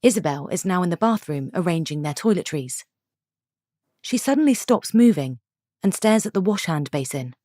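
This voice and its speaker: A woman with a low voice reads a story aloud in steady, descriptive narration at a moderate pace. The recording is dry, with no room sound.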